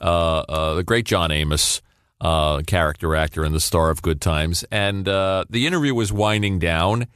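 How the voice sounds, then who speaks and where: A man's voice: sits low, moderate pace, fairly bright tone, smooth, no room sound, studio quality. A man co-hosting a podcast, casually introducing archive clips and chuckling along. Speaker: podcast co-host.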